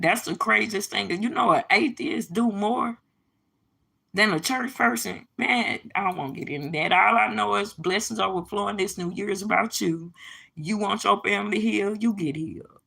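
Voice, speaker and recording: A middle-aged woman speaking on a casual livestream, preachy and emphatic, with a blunt, profane edge as she addresses her viewers directly. Her voice is gravelly and husky, with a tense, bright bite to it. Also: medium pitch. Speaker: livestream host.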